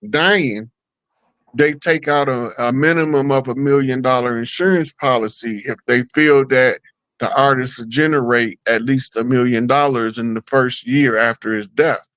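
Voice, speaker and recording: Man, talk show guest, rambling, conversational, mid pitch, dry close sound. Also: a bit bright, no room sound, poor audio. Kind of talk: casual talk show chat.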